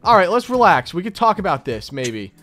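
A man's voice: on the high side, sing-song, normal speed, fairly bright tone, faint music behind. A man hosting a casual gaming session with friends, joking and making dramatic outbursts. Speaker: host, gamer.

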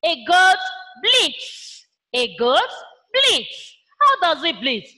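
A woman's voice: extremely high pitch, big pitch swings, slow, bright, forceful tone. A woman with a Nigerian English accent teaching a primary school science lesson online, using call-and-response questions and imitating animal sounds for the children.

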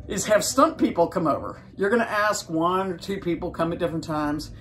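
Calm woman dog trainer, roomy and distant. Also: on the low side, fairly quick, few pauses. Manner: calm explaining, sing-song coaxing to dogs. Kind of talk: hands-on training demonstration. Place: indoors with dogs. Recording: roomy sound from a distance, faint music.

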